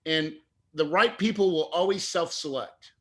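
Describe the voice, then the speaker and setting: A middle-aged man, a guest investor on an interview, tells his story at a moderate pace. His voice is bright, forceful, and somewhat high, and he comes across as earnest and animated, choking up now and then.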